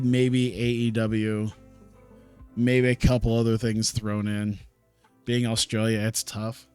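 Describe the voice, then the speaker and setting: A man casually talking through a wrestling management game on a live stream, thinking aloud, chuckling and swearing now and then. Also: medium pitch. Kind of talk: casual gaming stream commentary.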